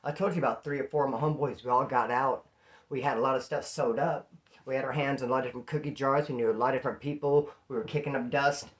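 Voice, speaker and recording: Animated man telling street stories. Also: medium pitch, fast. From California. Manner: animated, acts out quoted voices. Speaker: storyteller host. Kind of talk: casual storytelling.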